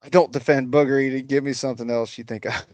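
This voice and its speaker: Man, livestream host, profane, mocking, rambling, mid pitch, dry close sound. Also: steady tone, quick pace, a little mellow, no room sound. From United States. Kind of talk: casual livestream chat reacting to comments. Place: rural home.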